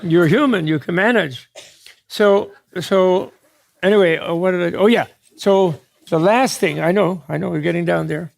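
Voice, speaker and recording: A creaky voice that sits high carries this Buddhist teacher's dharma talk to an audience. His delivery is digressive and full of jokes, with quick asides, laughter and many restarts mid-thought.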